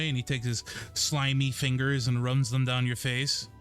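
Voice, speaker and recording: A man's voice: medium pitch, little pitch movement, moderate pace, few pauses, fairly bright tone, faint music behind. A man narrating as game master in a playful, descriptive way.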